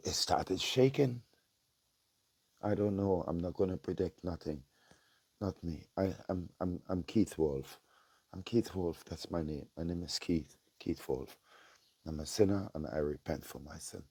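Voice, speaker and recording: Very deep gravelly man preaching intensely. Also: dry recording. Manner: intense, repetitive, switches between hushed prayer and loud denunciation. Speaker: self-styled prophet. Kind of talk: prayer and prophetic preaching.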